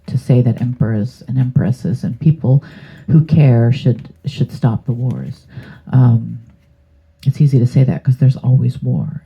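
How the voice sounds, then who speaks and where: A woman's voice: extremely low pitch, creaky, slightly rough. A woman giving a casual tarot reading to her channel, rambling and hesitant with many fillers. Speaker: tarot reader. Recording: tinny phone-like sound.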